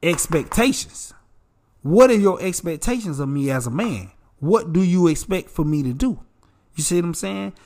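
Animated preachy man, slightly high voice. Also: normal speed. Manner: animated, preachy, addresses listeners as bro and y'all. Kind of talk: casual advice talk.

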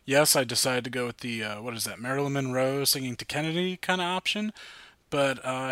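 A man's voice: medium pitch, a little fast, sharp tone, clear, resonant tone, no room sound. A man hosting a casual podcast, upbeat and rambling with lots of fillers. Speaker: podcast host.

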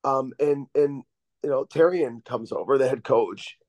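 A man who is a guest on a podcast, telling casual stories in a relaxed, rambling way with many fillers over a video call. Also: medium pitch, a little slow, dry recording. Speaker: guest, former pro hockey defenseman. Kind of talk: casual storytelling. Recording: dull dry lo-fi recording.

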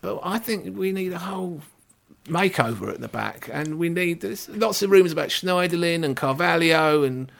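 A man co-hosting a casual football chat, animated and sarcastic. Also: on the high side, moderate pace, vocal fry. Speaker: football podcast co-host.

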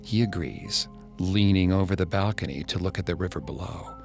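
A man narrating a second-person horror story in a slow, hushed way. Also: low voice, faint music behind.

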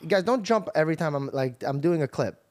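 A young man hosting a podcast, telling a story in lively casual chat, often laughing and restarting sentences. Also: fairly high pitch, quick pace. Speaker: podcast host.

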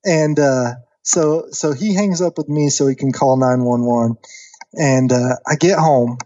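Man, 30s, chatty animated podcast storyteller, dry dull mic. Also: medium pitch, measured pace, no echo. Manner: animated storyteller, acts out quoted voices, many fillers. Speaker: podcast guest. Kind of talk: casual storytelling.

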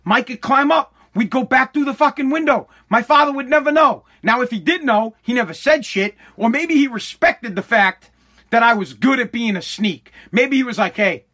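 A man's voice: extremely high pitch, moderate pace. A middle-aged man telling a casual story and ranting, swearing constantly and cutting himself off mid-sentence. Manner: swears constantly, animated, self-interrupting. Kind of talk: casual profane storytelling rant.

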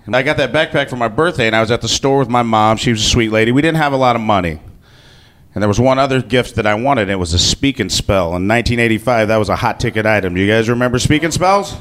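A man's voice: mid-range voice, fast talker, fairly bright tone, slight background noise. A man telling a personal story to an audience in a casual, joking way, swearing freely. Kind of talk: live comic personal storytelling.

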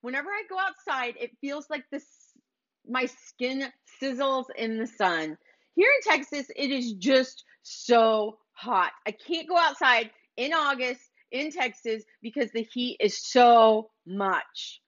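A woman's voice: high voice, lively intonation, takes it slowly, fairly bright tone, heavily acted. A woman voicing a complaining man grumbling about the heat, in a whiny way. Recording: slightly dull lo-fi recording.

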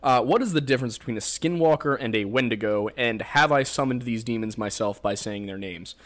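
A young podcast host with a Pennsylvania accent speaks fairly quickly in a medium-pitched voice. In casual chat, he explains folklore in a rambling, joking way full of fillers.

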